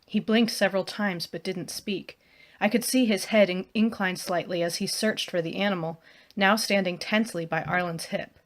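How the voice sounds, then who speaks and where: A woman, an author, narrating her own first-person adventure novel in a hushed, even storytelling manner. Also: on the low side, moderate pace.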